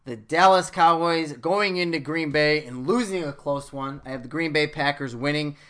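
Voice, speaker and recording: Excitable man telling stories on a podcast. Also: fairly high pitch, normal speed, clean tone. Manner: animated storyteller, swears freely. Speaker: podcast host. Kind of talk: casual sports chat.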